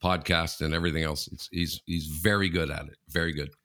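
A man's voice: rumbling low, steady tone, a little fast, a bit bright. A man co-hosting a casual sports podcast, blunt and joking, often repeating his words. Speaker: podcast co-host.

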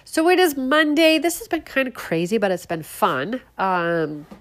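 Hosting a political opinion show, a woman speaks in an unhurried, slightly high voice, congested from a head cold. She is sarcastic, mocking, and outspoken.

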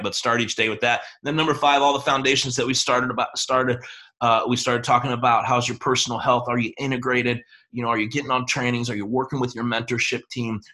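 An energetic man leads an online training session, coaching his audience with a string of rhetorical questions. His voice has a bright, forward tone. He talks over a video call. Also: mid-range voice. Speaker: host and team leader. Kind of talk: motivational training talk.

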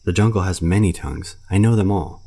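A man's voice: deep voice, fairly even intonation, brisk, darkish tone. A man reading a storybook who voices a boastful, sulky boy raised by wolves, eager and pleading.

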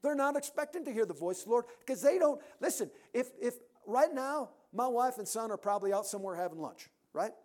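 A man preaching a sermon in a church, emphatic, rising to loud peaks and dropping to quiet endings. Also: extremely high pitch, animated, a little fast, few pauses.

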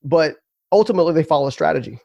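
Fast-talking earnest man. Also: fairly high pitch, gravelly, no room sound, dull audio. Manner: earnest, emphatic, repeats words when excited. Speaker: podcast guest, entrepreneur. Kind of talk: storytelling in a podcast interview.

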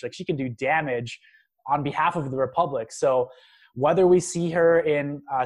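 A man's voice: medium pitch, a little mellow. A man co-hosting a casual podcast chat, enthusiastic and heavy on fillers, laughing often. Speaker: podcast co-host.

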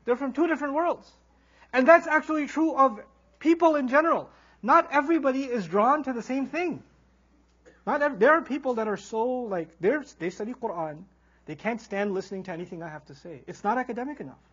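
A man giving a humorous Quran lecture as a teacher, animated and acting out characters as he tells stories. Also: very high voice, brisk, breathy edge, lo-fi sound. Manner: animated storyteller, acts out quoted characters. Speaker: Islamic teacher.

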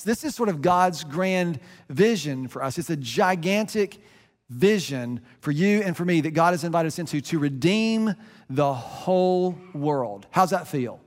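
A man's voice: high-pitched, big-room sound. A middle-aged man preaching a sermon as a pastor, earnest and conversational, often restarting his phrases.

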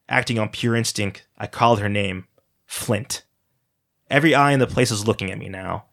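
A man reading a dark first-person story aloud as a storyteller, in a dramatic, steady manner. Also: on the low side, gravelly.

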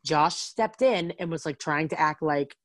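Chatty lady gossiping about reality tv, kinda low voice, super dry mic. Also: no room sound. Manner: chatty, lots of "like", quick asides. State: has the hiccups. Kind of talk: casual chat about reality TV.

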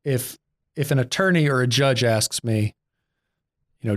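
Rambling joking New podcast host. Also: male voice, mid-range voice, moderate pace, long pauses, no echo, clean studio sound. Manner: rambling, self-deprecating, jokey. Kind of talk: casual chat.

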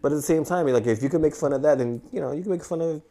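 A man's voice: a little high, racing, warm tone, a little hiss or hum. A man appearing as a guest comedian on a podcast, chatting in a laid-back way, swearing and leaning on fillers. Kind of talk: casual podcast chat.

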